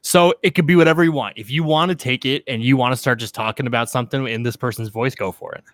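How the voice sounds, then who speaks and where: A man's voice: medium pitch, fast talker, no room sound. Laid-back joking young man, dry close sound. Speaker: podcast co-host. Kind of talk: casual podcast chat.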